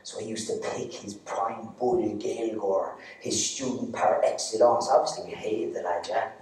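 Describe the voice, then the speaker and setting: This stand-up storyteller, a man with an Irish accent, teases his audience through live comic tales at an arts centre. He speaks at a normal speed in a fairly low, steady, slightly mellow voice. The sound comes from afar, bouncing around a reverberant hall.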